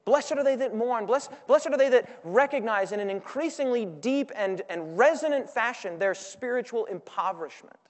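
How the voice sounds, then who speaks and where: High-voiced male preacher in a reverberant hall. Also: lively intonation, normal speed, hardly any pauses. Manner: dynamic, swings between loud and quiet; asks the audience for responses. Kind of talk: sermon to a congregation. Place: large hall with audience.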